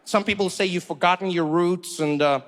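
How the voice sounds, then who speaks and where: A man's voice: high-pitched, fairly quick, fairly bright tone. A man voicing a hesitant male team member who stumbles and repeats words apologetically, recorded in a live comedy hall.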